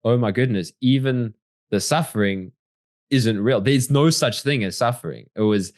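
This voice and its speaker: A man's voice: mid-range voice, moderate pace, a little mellow, no room sound, studio quality. A man as the guest in a casual interview, talking reflectively and animatedly with many fillers.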